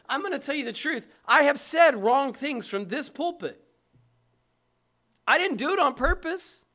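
A man's voice: extremely high pitch, animated, a little slow, sharp tone. A man preaching a sermon from the pulpit, emphatic and conversational, with asides to the congregation. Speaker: pastor. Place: church.

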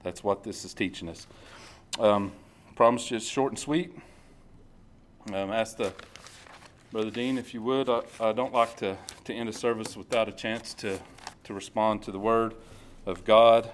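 A man's voice: fairly low pitch, steady tone. Conversational male preacher reading scripture. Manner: conversational, repeats phrases, reads scripture slowly. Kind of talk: informal sermon. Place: church service.

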